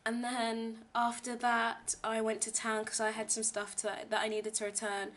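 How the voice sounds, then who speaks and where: A woman's voice: fairly high pitch, monotone, moderate pace, a bit bright, a little hiss or hum. Chatty young woman vlogging at home. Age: young adult. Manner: rambling, lots of "like" fillers. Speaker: vlogger teaching abroad. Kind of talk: casual chatty vlog. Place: home kitchen, indoors.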